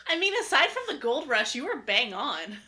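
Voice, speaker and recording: Bright woman rambling on a podcast. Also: on the high side, sing-song, normal speed. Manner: rambling, hedging with 'kind of'. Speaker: podcast co-host. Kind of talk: casual chat.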